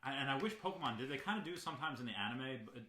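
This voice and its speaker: Excited man in an echoey room. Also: mid-range voice, rapid-fire. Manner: enthusiastic, rambling, laughs often. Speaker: podcast co-host. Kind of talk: casual chat.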